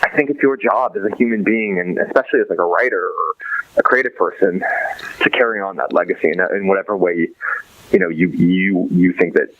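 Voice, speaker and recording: A man's voice: sits low, a little fast, no room sound, lo-fi sound. A man from Los Angeles, a podcast guest, talking in a casual, rambling way full of restarts and fillers. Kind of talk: casual chat.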